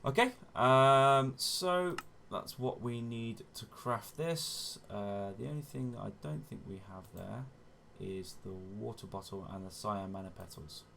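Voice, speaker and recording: A man's voice: on the low side, unhurried, vocal fry, hardly any pauses, fairly bright tone, slight background noise. A man hosting a gaming channel, giving chatty step-by-step gameplay commentary and often correcting himself as he goes. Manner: chatty, self-correcting, often says "wonderful".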